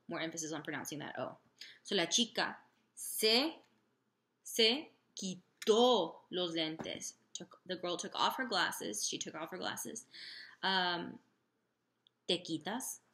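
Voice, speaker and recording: A woman teaching a language lesson slowly and patiently, sounding out example phrases carefully and pausing on fillers. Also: medium pitch, sharp tone. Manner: slow, deliberate, with many fillers. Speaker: Spanish teacher.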